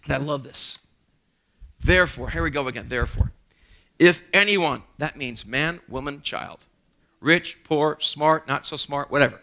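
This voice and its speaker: A man preaching a sermon in a church, animated and joking at his own expense, often restarting his sentences. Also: a little high, a little fast. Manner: animated preaching with humorous asides and self-deprecating stories; frequent stammered restarts. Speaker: pastor. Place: church sanctuary.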